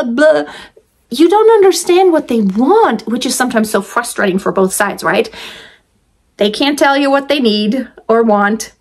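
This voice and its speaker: A woman talking casually to camera as a vlogger and mother of twins, chatty and rambling, often restarting and laughing. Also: mid-range voice.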